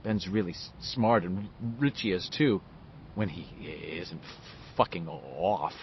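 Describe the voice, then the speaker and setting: Man reading a worried boy, halting and low, slow. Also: animated, dull audio, a little hiss or hum. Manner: anxious, halting.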